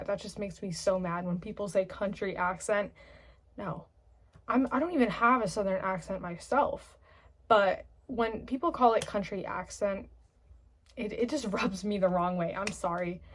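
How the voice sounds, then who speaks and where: A young woman talks through her opinions in a loose, unscripted vlog. She rambles and stops to correct herself, filling her pauses with "um" and "like". Her voice sits at a medium pitch. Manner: rambling, full of "um" and "like", self-correcting. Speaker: vlogger. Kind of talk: casual opinion monologue to camera.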